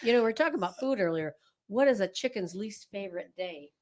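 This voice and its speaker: A woman's voice: medium pitch, lively intonation, fast talker. A woman co-hosting a casual livestream chat in a studio, giggly as she reads out puns. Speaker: co-host.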